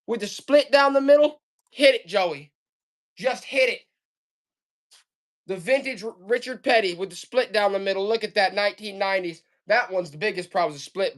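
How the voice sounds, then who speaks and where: A woman selling items on a live stream auction in fast, joking, hyped-up sales patter, coughing now and then. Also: mid-range voice. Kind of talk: casual live selling banter.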